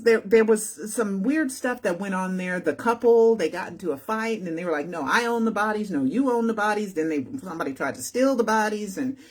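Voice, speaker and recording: Woman host, husky voice, loose rambling commentary, lots of "right?". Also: medium pitch. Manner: rambling, repetitive, keeps asking "right?". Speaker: channel host. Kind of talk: casual on-screen commentary.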